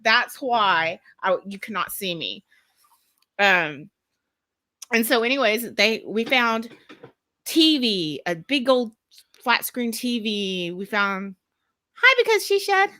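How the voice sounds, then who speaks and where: Bright, chatty Texan woman. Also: mid-range voice, lively intonation, takes it slowly, pauses often, no echo. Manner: chatty, rambling, laughs often. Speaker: co-host of a live stream. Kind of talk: casual live-stream chat.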